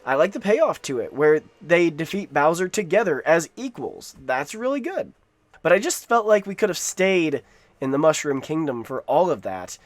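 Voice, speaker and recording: A man's voice: on the high side, very animated, moderate pace, no room sound. A man giving a casual, rambling spoken movie review, with frequent restarts and asides. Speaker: film reviewer.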